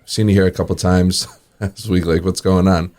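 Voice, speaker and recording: A low-voiced man, a restaurant owner who is a guest on an interview. He relaxes into long anecdotes, acts out the quoted dialogue and chuckles as he goes. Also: little pitch movement, normal speed, a little mellow. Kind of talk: casual storytelling in an interview.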